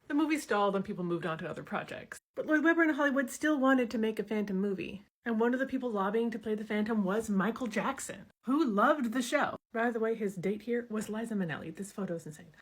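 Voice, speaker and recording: A woman author giving a wry, chatty commentary straight to camera. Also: medium pitch.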